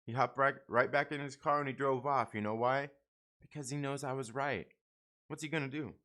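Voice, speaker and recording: Middle-aged guy ranting on a livestream from home, bright edgy voice, blunt and sweary, keeps restarting. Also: mid-range voice, steady tone, fairly quick. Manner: blunt, rambling, profane, restarts often. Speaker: comic book channel host. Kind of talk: casual livestream rant.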